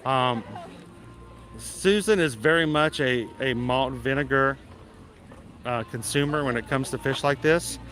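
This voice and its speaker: A man's voice: medium pitch, unhurried, long pauses, fairly bright tone, a little hiss or hum. A man in his thirties hosting a casual live vlog outdoors at a theme park, chatty and jokey, rambling along as he goes. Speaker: livestream host.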